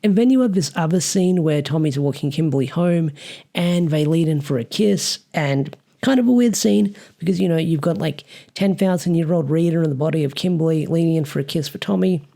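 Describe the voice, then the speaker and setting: A comic reviewer with an Australian accent talks through a story casually and ramblingly, leaning on lots of fillers. His mid-range voice is gravelly and warm, and he speaks a little fast.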